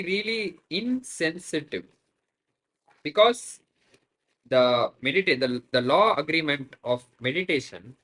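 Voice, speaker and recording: A man's voice: on the high side, sharp tone, rough recording. A man, earnestly explaining his own experience as an online tutor. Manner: earnest, self-reflective explaining. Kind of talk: explanatory talk to camera.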